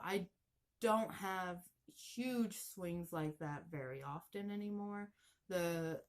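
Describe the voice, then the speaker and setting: A woman in her thirties, talking earnestly in a casual personal vlog and explaining things plainly, with halting restarts. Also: on the low side. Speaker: vlogger.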